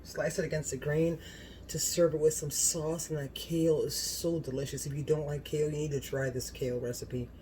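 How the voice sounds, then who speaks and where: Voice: medium pitch, flat delivery, fairly quick, warm tone, slight background noise. A home cooking channel host talking to the camera in a casual vlog, gushing and exclaiming often about the food.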